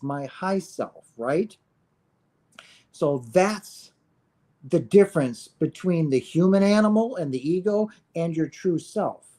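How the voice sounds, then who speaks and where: A man's voice: a little high, darkish tone. A man in his fifties from the United States, talking casually and earnestly about spirituality to his viewers, often asking "right?" and swearing now and then. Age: 50s. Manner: earnest, preachy, peppered with "right?" and profanity. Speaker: spiritual streamer.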